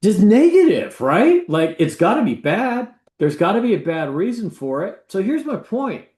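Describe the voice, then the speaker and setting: A real estate agent with a high voice tells a story at normal speed, casual and animated, acting out the people he quotes. The room he's recorded in is echoey.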